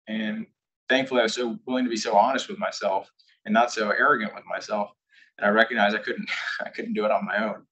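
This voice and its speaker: A man's voice: on the low side, steady tone, quick pace, a bit bright, slightly rough, highs cut off. A young man giving an invited talk to a live audience, telling a candid personal story and now and then acting out what people said. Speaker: invited speaker. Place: corporate headquarters presentation room.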